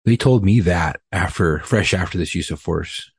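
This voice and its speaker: A man with a low, husky voice tells a work story on a podcast. He swears freely and plays out both sides of the argument with rising heat. The sound is dry and close. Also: moderate pace, dry recording. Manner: profane, animated retelling with heated quoted exchanges. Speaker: police officer guest.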